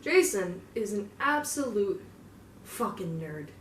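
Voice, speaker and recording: A woman's voice: medium pitch, very animated, slow pace, fairly bright tone, slight background noise. A young woman in a casual, profane in-character monologue, rambling with lots of filler words. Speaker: fan roleplayer. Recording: roomy, distant mic, faint ambience.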